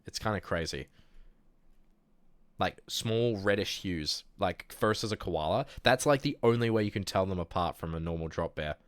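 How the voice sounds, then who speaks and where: Male streamer, low voice, dry close sound, casual and rambling, unwell. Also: normal speed, clean tone, no room sound. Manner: rambling, jokey, many fillers and restarts. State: sick. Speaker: livestream host. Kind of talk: casual chat reading viewer messages.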